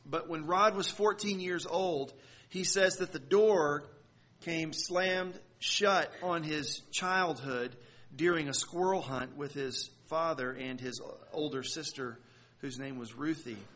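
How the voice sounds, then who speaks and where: A male pastor with a slightly higher-pitched voice delivers a sermon as a story. He talks earnestly, stumbling over and repeating words, and leans on dramatic pauses. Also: a bit bright.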